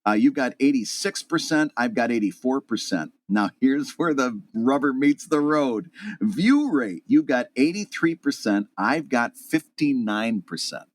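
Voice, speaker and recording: A man's voice: medium pitch, expressive, measured pace. A man co-hosting a podcast in casual chat, joking and laughing often. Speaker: podcast co-host.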